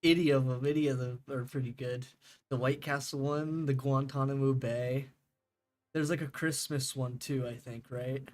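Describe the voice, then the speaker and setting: A man's voice: medium pitch, fairly even intonation, moderate pace, darkish tone. A young man streaming a game, chatting casually with viewers, rambling and laughing, swearing freely.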